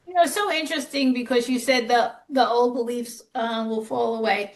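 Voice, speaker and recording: A woman podcast host with a fairly high voice, chatting in a candid, conversational way. She shares her own experiences openly and pokes a little fun at herself. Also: brisk. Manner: chatty, candid, self-deprecating. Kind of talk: podcast interview.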